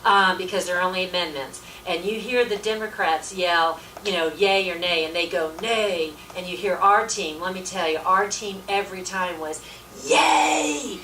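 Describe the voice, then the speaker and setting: A woman's voice: on the low side, fairly even intonation, moderate pace, hardly any pauses, bright, forceful tone. A woman speaking as a volunteer at a political meeting, talking in an emphatic, folksy way with lots of repetition. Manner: emphatic, folksy, repetitive "let me tell you". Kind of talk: informal political presentation. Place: meeting room. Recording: echoey room, distant mic, faint hiss.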